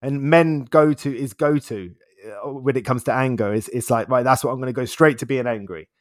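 A man's voice: medium pitch, a little fast, no room sound, studio quality. A man as an interview guest, talking in a reflective, casual way, laughing often and repeating words as he thinks.

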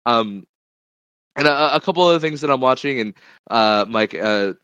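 A man co-hosting a casual movie chat podcast, halting with frequent ums and easy laughs. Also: mid-range voice, lively intonation, fairly bright tone, smooth, no room sound, muffled recording. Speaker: podcast co-host.

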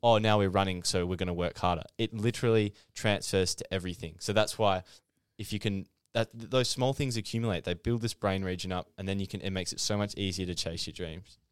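A young adult man co-hosts a podcast and explains his ideas with earnest conviction. His voice sits low and smooth, recorded close and dry. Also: no room sound. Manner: earnest, explanatory, fast in bursts. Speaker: podcast co-host. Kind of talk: casual podcast chat.

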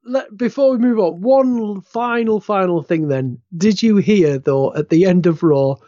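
A man's voice: high voice, unhurried, mellow, no echo, dull audio. A man co-hosting a wrestling podcast, chatting with stumbling restarts and laughing at his own jokes. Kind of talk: casual chat.

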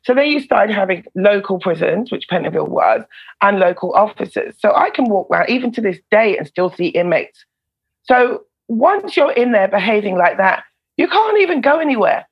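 A woman tells prison stories in a loose, animated way, swearing freely as she goes. Her mid-pitched voice is gravelly and husky. The recording sounds a little dull and lo-fi. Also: moderate pace. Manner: animated, swears freely, laughs between lines. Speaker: former prison officer and comedian. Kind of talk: casual storytelling in a podcast interview.

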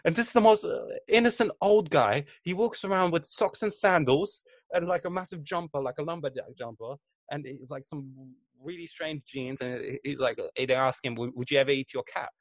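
A man's voice: fairly high pitch, normal speed, dry recording, rough recording. Swearing, laughing male podcast host. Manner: animated storyteller, swears, laughs a lot. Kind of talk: casual chat.

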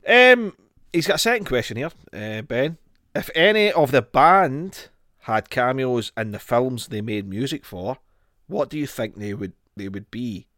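A man's voice: medium pitch, animated, a little slow, a bit bright, no echo, studio quality. Sweary man bantering with mates. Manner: sweary, laughing, rambling banter. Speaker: podcast host. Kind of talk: casual chat.

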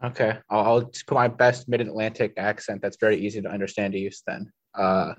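A man co-hosting a casual podcast chat, quick and joking, reading out lists. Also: on the low side, level tone, no room sound. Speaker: podcast co-host.

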